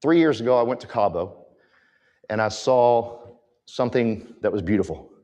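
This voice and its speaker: A man's voice: medium pitch, normal speed, mellow. Fired-up man speaking on stage. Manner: fired up, emphatic, addresses audience directly. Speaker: conference speaker. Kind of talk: motivational stage talk. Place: conference stage.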